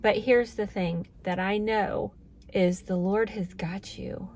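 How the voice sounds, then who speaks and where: A woman's voice: medium pitch, steady tone, slow pace, darkish tone, a little hiss or hum. A middle-aged woman vlogging in a casual, earnest, heartfelt way to her viewers. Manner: earnest, heartfelt, emotional at moments. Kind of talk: casual talk to camera.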